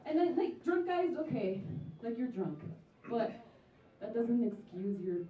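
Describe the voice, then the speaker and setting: A woman's voice: on the high side, sing-song, unhurried. A young woman performing a stand-up comedy set, chatty and sarcastic, acting out the people in her stories. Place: comedy venue stage. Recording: distant roomy live recording, dull sound.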